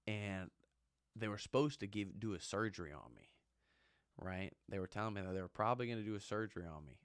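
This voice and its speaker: A man's voice: fairly low pitch, animated, brisk, clear, resonant tone, dry recording, clean studio sound. A man and former Marine giving an impassioned, ranting monologue, repeating his points with emphasis. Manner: fired-up, ranting, emphatic repetition.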